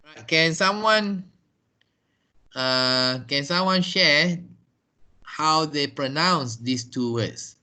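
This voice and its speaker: Male English teacher, slow and deliberate, bright tone, online class. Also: on the high side, smooth. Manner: slow, deliberate, repeats words for pronunciation.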